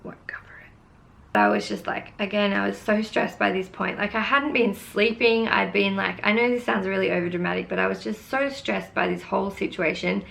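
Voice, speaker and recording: Young woman vlogger, fry-heavy voice, mid pitch, exasperated storytime venting. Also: brisk, hardly any pauses, fairly bright tone. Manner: exasperated, vents and swears casually. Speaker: beauty vlogger. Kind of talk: storytime vlog.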